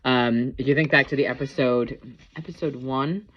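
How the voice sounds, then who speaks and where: A woman's voice: rumbling low, fairly even intonation, moderate pace, dull audio. A woman casually reviewing a TV episode, rambling with lots of ums and likes. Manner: rambling, filler-heavy, chatty.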